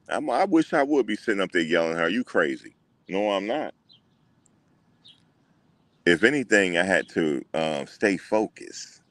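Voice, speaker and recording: A deep-voiced man, chatting loosely on his livestream. He answers his viewers and plays back what people told him, and his voice sounds close and dry. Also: dry recording. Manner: animated, talks back to chat, mock-quotes others. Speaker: livestream host. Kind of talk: casual livestream chat.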